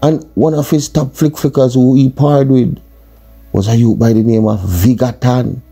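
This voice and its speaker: A man's voice: mid-range voice, fairly even intonation, normal speed, warm tone, husky, soft background music. A man with a Jamaican accent telling a true crime story in a casual, colourful, conversational way.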